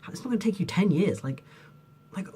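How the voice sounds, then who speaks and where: A man's voice: high voice, lively intonation, fairly quick, mellow, slight background noise. A young man ranting to camera in a rambling, heated way, swearing often and filling his talk with "like". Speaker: vlogger. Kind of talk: unscripted rant to camera.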